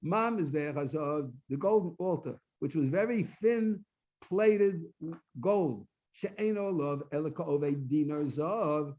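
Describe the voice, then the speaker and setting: Speaking slowly in a slightly high, darkish voice, a rabbi gives a Talmud lecture at a study completion in a synagogue hall. He explains each source phrase by phrase while translating, occasionally repeating words as he looks for the next phrase, on a dull lo-fi recording.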